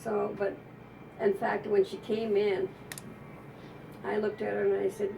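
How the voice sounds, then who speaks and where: A woman's voice: medium pitch, little pitch movement, a little slow, gravelly, long pauses, warm tone, far from the mic, slight background noise, low-quality recording. A woman psychic telling an emotional, rambling story in a conversational interview, often restarting her sentences.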